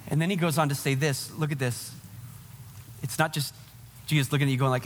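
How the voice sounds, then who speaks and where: A man's voice: fairly high pitch, fairly even intonation, a little fast, pauses often, long reverb tail, slight background noise. A man preaching a sermon to his congregation, earnest and direct, speaking to them as their pastor.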